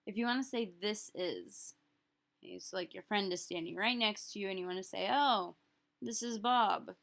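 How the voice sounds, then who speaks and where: This French lesson is recorded by a woman whose mid-range voice is gravelly and a touch bright. She explains phrases in a relaxed, friendly tone and says each slowly, one word at a time, to model pronunciation.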